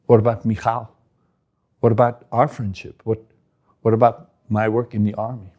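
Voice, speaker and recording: A young man in shock, asking question after question in a lowered voice, as a storyteller puts him on. It sounds like a character in a spoken storybook retelling. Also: level tone, normal speed, a little mellow, muffled recording, close to an everyday voice. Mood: dismayed. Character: stunned young man facing exile.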